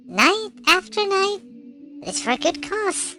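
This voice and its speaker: A woman's voice: very high-pitched, expressive, takes it slowly, sharp tone, faint music behind. A woman streaming a game live, making dry, wry reactions as she plays.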